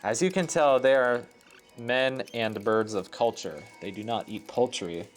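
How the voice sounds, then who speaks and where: A man's voice: mid-range voice, unhurried, soft background music. A man casually commenting on a puzzle game as he plays, rambling through chatty asides full of filler words. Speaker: let's play host.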